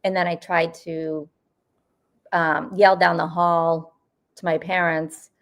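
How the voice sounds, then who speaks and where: A woman in her fifties from the US Northeast, a paranormal investigator telling stories in a casual interview, rambling with lots of fillers and quick laughs. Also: on the low side, level tone. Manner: rambling, full of "you know" and "like", laughs often.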